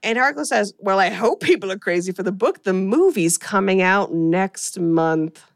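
A woman's voice: medium pitch, moderate pace, creaky. A woman hosting a podcast, recapping a horror movie in casual chat and laughing often as she retells scenes. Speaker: podcast host.

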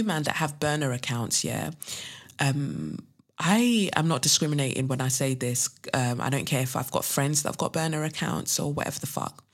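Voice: mid-range voice, vocal fry, fairly bright tone. A podcast host who reads out a listener's letter, then rants bluntly, swearing and firing off rhetorical questions. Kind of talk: solo podcast monologue, reading a listener letter and ranting.

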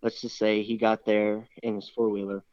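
A man's voice: lowish voice, flat delivery, moderate pace, a little mellow, smooth, no echo, dull audio. A young man casually retelling a hunting story, rambling and acting out the dialogue. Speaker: hunter telling a story.

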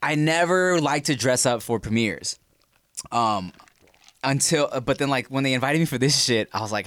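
A young man co-hosting a podcast in casual chat, rambling and swearing, quick to laugh. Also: medium pitch, fairly bright tone, no room sound. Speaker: podcast co-host.

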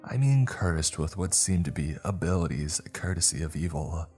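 A man voicing a cold, menacing young man who questions a captive in a slow low drawl. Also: animated, darkish tone, slightly rough, soft background music. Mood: clinical.

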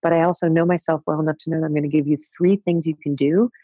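A woman's voice: low voice, steady tone, fast talker, dark tone, husky, no room sound, muffled recording. A woman in her fifties, a guest author speaking candidly in an interview, laughing often and swearing casually. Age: 50s.

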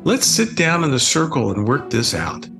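An older man reading the lines of a calm, patient father who guides his children gently. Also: medium pitch, moderate pace, gravelly, music in the background. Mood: calm, firm.

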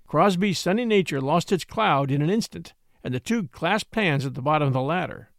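A man narrating a story in an expressive, measured reading. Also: fairly high pitch, no echo, studio quality. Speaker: audiobook narrator.

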